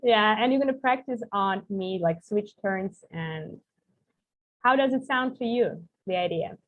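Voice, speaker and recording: A woman's voice: mid-range voice, unhurried. Russian-accented woman tutoring over a call. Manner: explains with repeated examples, frequent "like" fillers. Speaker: English tutor for coaches. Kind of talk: online group lesson. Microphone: video call. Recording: husky voice over a tinny call line.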